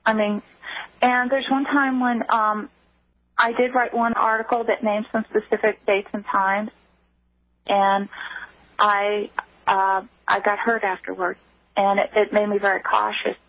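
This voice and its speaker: A woman guest on a radio call-in show, giving emotional personal testimony with halting restarts, heard over a phone line. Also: mid-range voice, little pitch movement, dry recording.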